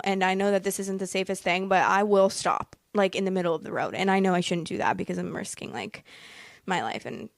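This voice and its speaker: A woman's voice: medium pitch, dry recording, clean studio sound. A woman telling a personal story in a casual, rambling way, packed with fillers and emotional asides. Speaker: vlogger.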